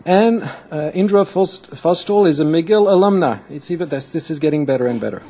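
A man's voice: on the high side, fairly quick, dark tone. A man acting as event host, giving an enthusiastic formal introduction and stumbling over names now and then.

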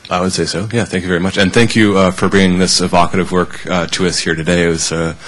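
A man moderating a panel, speaking formally and gratefully. His voice is very deep and flat in tone. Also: fast talker. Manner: formal, thankful.

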